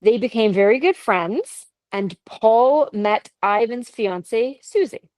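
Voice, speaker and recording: A woman's voice: fairly high pitch, expressive, takes it slowly, a little mellow, no echo, poor audio. A Canadian woman co-hosting a podcast, telling ghost stories in a casual, chatty way with laughs and asides. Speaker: podcast co-host. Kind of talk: casual chat, storytelling.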